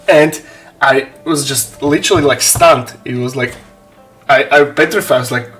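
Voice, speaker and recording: Man, mid-pitched, animated casual storyteller, faint music underneath. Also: moderate pace. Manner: animated, swearing, laughs often while telling. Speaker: streamer telling a story. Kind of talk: casual storytelling on a live stream. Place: home hobby room.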